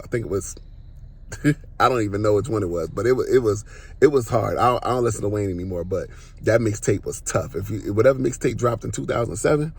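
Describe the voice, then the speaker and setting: Gravelly, husky man telling his story. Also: on the low side. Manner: animated storytelling with slang and acted-out exclamations. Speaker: podcast host. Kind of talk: casual personal testimony.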